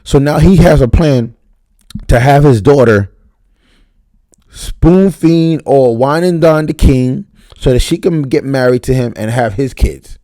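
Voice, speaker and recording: A man giving an unscripted, profane, slang-heavy recap of a TV episode, talking fast and getting worked up. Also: medium pitch, warm tone, no room sound. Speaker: TV show reviewer.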